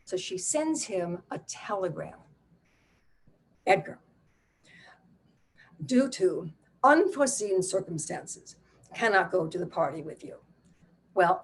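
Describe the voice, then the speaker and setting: An older woman, a playwright and solo performer, telling a family story on stage in a wry, animated, conversational way. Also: fairly low pitch.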